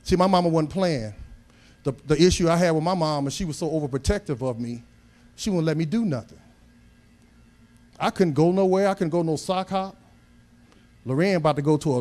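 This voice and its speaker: A man's voice: a little high, fairly quick, pauses often, darkish tone. A middle-aged man preaching a sermon, telling homey family stories with humor and building to emphatic, raised points. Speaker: pastor.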